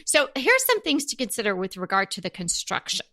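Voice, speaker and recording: A woman co-hosting a casual talk show, talking fast and animated and acting out shop clerks. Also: mid-range voice. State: caffeinated and energetic. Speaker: podcast co-host. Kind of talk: casual chat.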